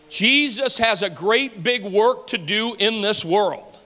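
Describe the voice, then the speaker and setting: High, bright-voiced fervent preacher man. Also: expressive, slow, hardly any pauses. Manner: fervent preaching, rising to shouts. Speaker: pastor. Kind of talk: sermon. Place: church sanctuary. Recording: hall reverb.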